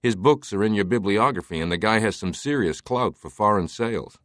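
A man voicing a harried, exasperated book editor with a brisk, incredulous manner. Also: lowish voice, animated, no echo, clean studio sound, close to an everyday voice.

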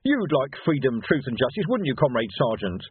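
A man's voice: medium pitch, sing-song, normal speed, slightly rough, no room sound. A man playing an earnest, fussy male revolutionary organizer who lectures in a flustered way. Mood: earnest, lecturing. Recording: narrow phone-like sound.

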